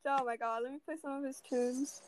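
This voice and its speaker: A teenage girl chatting casually, venting in an animated way with lots of fillers. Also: sits high, fairly quick, dry recording, low-quality recording. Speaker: student. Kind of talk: casual chat.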